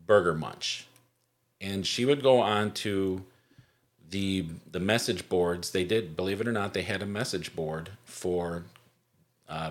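A man co-hosting a podcast, talking casually and rambling with many ums and restarts. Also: deep voice. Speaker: podcast co-host.

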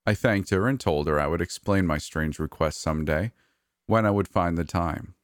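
A man narrating a first-person story in a steady, scripted storytelling read. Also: sits low, normal speed, no echo, studio quality.

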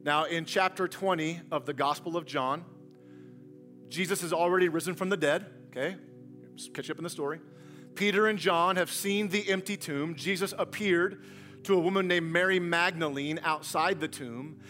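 A man preaching a sermon, telling the story with humor and swinging from hushed to loud. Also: fairly high pitch, normal speed, soft background music. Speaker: pastor.

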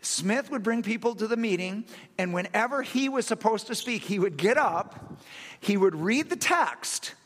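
A man preaches with animated storytelling, acting out the quotes and laughing at himself. His voice sits a little high. It rings out with a long hall reverb. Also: normal speed. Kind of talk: sermon storytelling.

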